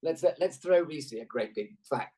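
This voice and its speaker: A man in middle age talks through a video call, his voice husky and swinging up and down as he rambles from one anecdote to the next. He stays chatty and self-deprecating, often restarting his sentences. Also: mid-range voice, lively intonation, normal speed, warm tone. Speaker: actor guest. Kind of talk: casual interview chat.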